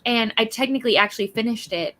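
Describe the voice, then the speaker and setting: A woman's voice: fairly high pitch, quick pace, sharp tone. A woman hosting a live reading stream, chatting casually and greeting viewers from bed at home. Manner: chatty, reads out chat greetings. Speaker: livestream host. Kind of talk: casual chat.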